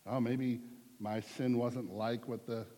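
A man's voice: medium pitch, little pitch movement, takes it slowly, dark tone. A male pastor preaching a sermon in an earnest, conversational way, repeating points for emphasis. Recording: long hall reverb.

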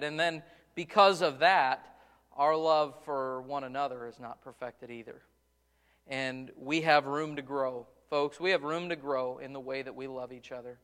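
High-voiced preacher in a reverberant hall. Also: male voice, fairly bright tone. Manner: preaching with rising emphasis and frequent repeated words. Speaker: pastor. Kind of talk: sermon. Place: church sanctuary.

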